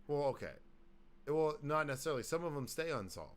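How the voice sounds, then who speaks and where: A man hosting a podcast in casual chat, loud and joking, swearing freely and slipping into put-on voices. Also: on the high side, expressive, brisk, a crowd in the background. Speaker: podcast host.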